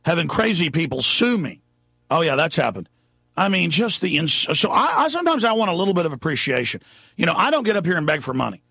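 Male talk radio host, rambling and fired up, husky voice with a dry, dull studio sound. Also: on the high side, sing-song, fast, no echo. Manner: impassioned, rambling, shifts between mutters and shouts.

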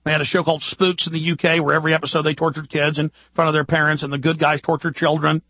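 Guy ranting on talk radio, high bright voice, kinda husky, dry muffled sound. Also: little pitch movement, no echo. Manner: urgent, ranting, rapid-fire rhetorical questions. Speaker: radio host. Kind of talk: impassioned political monologue.

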